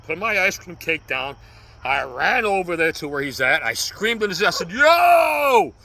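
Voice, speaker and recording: A man's voice: a little high, pushed and bright, a little hiss or hum, rough recording. An older man, telling a story in casual street talk and punctuating it with sound effects. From New York. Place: outdoors on a city street.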